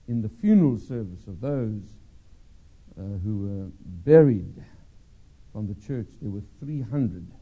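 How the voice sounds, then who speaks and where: A man preaching a sermon, telling a story with pauses and hesitant fillers before reading scripture. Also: on the low side, warm tone, slightly rough, dull audio.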